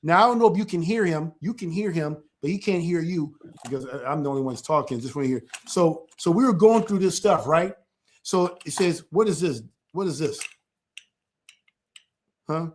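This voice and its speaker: A man, a church elder, talking through an informal teaching in a lively way, often repeating himself and asking "right?". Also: on the high side, normal speed. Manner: animated, keeps checking in with "right?"; repetitive, stumbles and restarts.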